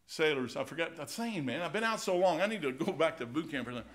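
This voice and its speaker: Folksy American pastor, middle-aged, bright and forward voice, casual animated sermon. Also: male voice, a little high, quick pace. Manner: folksy and animated, keeps saying "man", tells anecdotes. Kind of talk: informal verse-by-verse sermon. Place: church sanctuary.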